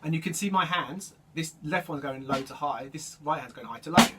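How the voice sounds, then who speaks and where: A man teaching drum rudiments, explaining each stroke in a relaxed way and calling out the stickings as he plays. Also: a little high, a little fast, over loud music. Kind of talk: instructional demonstration. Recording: distant mic with loud drum noise.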